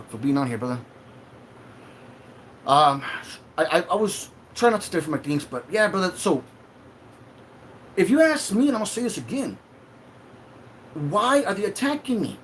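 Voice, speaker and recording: A man's voice: a little high, very animated, moderate pace, long pauses, a little hiss or hum. Agitated man ranting on a livestream. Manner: emotional, profane, confrontational. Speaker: livestream host. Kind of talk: heated livestream rant.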